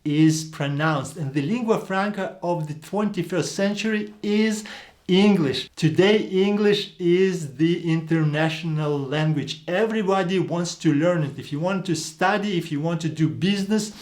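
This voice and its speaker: A man's voice: fairly high pitch, moderate pace, a little mellow. A man whose first language is Slavic, teaching a video lesson and explaining things patiently. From Eastern Europe. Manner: explanatory, demonstrates accents. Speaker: Greek teacher.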